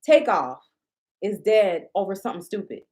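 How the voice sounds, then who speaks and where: A woman's voice: mid-range voice, animated, normal speed, a little mellow. A woman with a blunt, indignant, profane manner, ranting casually to her viewers as a shop owner and vlogger.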